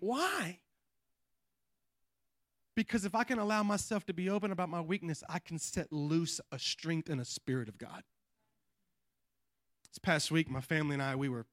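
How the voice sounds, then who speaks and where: A man preaching a sermon to a congregation, swinging between loud emphatic peaks and quiet, low passages, and calling on the people to answer back. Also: no room sound, studio quality. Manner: calls on the congregation to respond. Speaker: pastor.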